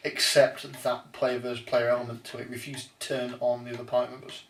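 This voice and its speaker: A man's voice: medium pitch, monotone, a little fast, distant mic. A man hosting a casual chat about tabletop games, often hesitating and restarting his sentences. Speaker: podcast host. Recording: roomy echo, off-mic, faint noise.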